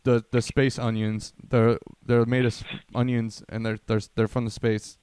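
A man hosting a podcast, riffing deadpan crude jokes in rambling casual chat. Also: mid-range voice, moderate pace, clean tone, no echo. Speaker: podcast host.

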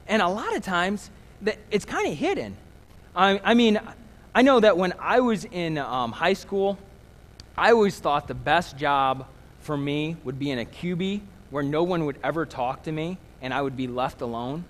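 A pastor in his thirties delivers a conversational sermon, easing into anecdotes with self-deprecating humor. His voice sits a little high for a man. The sound hangs in a long hall reverb. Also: animated, moderate pace.

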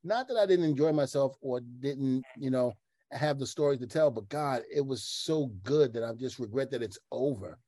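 A man in casual podcast chat, telling lively stories and acting out the quotes in them. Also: mid-range voice, moderate pace, no echo. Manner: animated storyteller who acts out the quotes in his stories.

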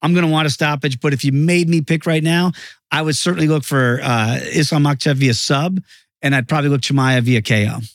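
Animated man breaking down fights. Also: fairly high pitch, brisk, dry recording. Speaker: guest analyst. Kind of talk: casual sports betting chat.

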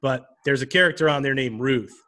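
A man's voice: mid-range voice, brisk, pushed and bright. A man co-hosting a casual comedic news podcast, with a dry, wry, easygoing delivery. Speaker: podcast co-host.

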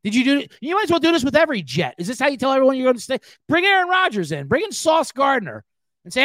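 Man, podcast host; high, lively voice, casual swearing rant. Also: quick pace, no room sound. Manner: animated, profane, ranting.

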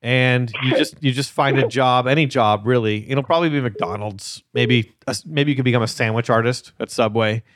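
A man hosting a podcast, teasing callers with deadpan jokes in casual chat. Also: medium pitch. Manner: deadpan teasing, quick asides. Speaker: podcast host.

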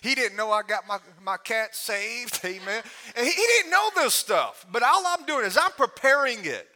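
A man giving a storytelling sermon as a guest preacher, animated and humorous, often breaking into laughter. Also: very high voice, normal speed, a little hiss or hum.

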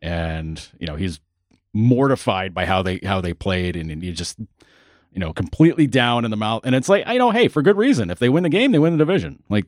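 A man's voice: on the low side, sing-song, brisk, dry recording, clean studio sound. A man co-hosting a casual sports podcast who talks in a laid-back, rambling way. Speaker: podcast co-host.

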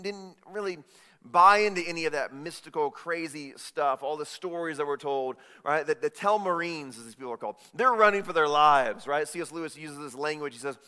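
Pastor guy doing a devotional talk, stops and repeats himself a lot, sharp bright voice, lots of echo. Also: fairly high pitch, clean tone. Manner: halting, often repeats words. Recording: long reverb.

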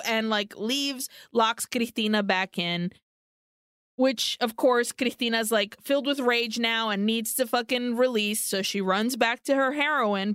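A woman's voice: a little high, unhurried, fairly bright tone, clean tone, no echo, clean studio sound. A woman co-hosting a podcast, casually retelling a film plot, swearing freely and dropping Spanish words into her English. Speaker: podcast co-host.

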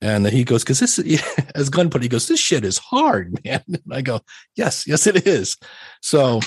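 A man's voice: mid-range voice, sing-song, unhurried, slightly rough, no echo, clean studio sound. A middle-aged man talking candidly as a podcast guest, telling stories in a self-deprecating way with many restarts. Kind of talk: casual interview chat.

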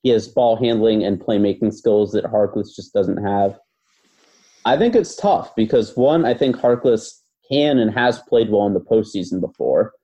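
Warm and fairly low, this man's voice carries a casual analytical chat on the basketball podcast he co-hosts. He thinks out loud, hedging often and leaning on plenty of filler words.

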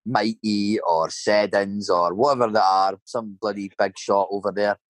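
A man's voice: on the low side, steady tone, unhurried, no echo. Swearing Scottish man telling stories. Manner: swearing, rambling anecdotes with tag questions. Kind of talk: casual storytelling chat.

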